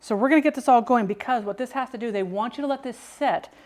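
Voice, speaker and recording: A bubbly woman talks through a recipe live from her home kitchen, her voice sitting a little high. She greets her viewers by name with bursts of excitement and often trips over her words before restarting. The sound comes close and direct from a clip-on mic. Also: quick pace. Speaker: food and drink streamer. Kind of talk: live cooking stream chat.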